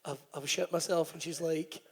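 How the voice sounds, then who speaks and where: A man's voice: a little high, fairly even intonation, normal speed, husky. A man hosting a live podcast event on stage, trading joking, profane banter. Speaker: podcast host.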